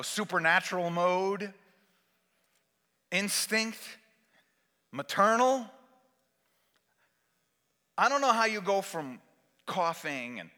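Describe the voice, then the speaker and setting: Male stand-up comic, high and lively, in a reverberant hall. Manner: animated, acting out scenes. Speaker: stand-up comedian. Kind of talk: stand-up storytelling. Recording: long reverb of a large hall.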